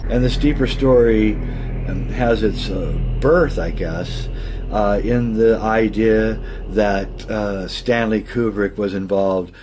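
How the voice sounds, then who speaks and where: A man's voice: fairly low pitch, takes it slowly, noisy background. A man being interviewed in a documentary, musing hesitantly.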